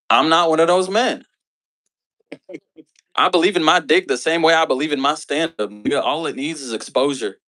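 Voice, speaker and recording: A man's voice: medium pitch, sharp tone. A man on a comedy club stage performing a stand-up set with punchy, confident delivery.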